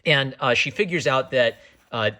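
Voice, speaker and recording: Male comic reviewer, bright forceful tone, enthusiastic and rambling. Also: medium pitch, moderate pace. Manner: enthusiastic, digressive, jokey. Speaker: manga reviewer. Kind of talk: casual review commentary.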